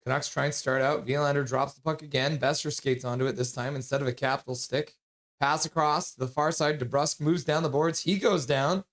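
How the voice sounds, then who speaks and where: A man streaming live play-by-play commentary, joking with viewers between calls and getting loud and excited on big plays. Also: fairly high pitch, a little fast. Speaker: streamer calling the game live.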